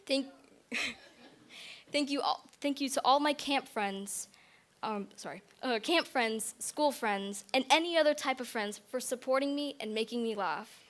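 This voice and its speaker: A woman's voice: high-pitched, unhurried. A teenage girl giving a nervous, giggly thank-you speech at her bat mitzvah in a synagogue, holding back tears. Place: synagogue sanctuary.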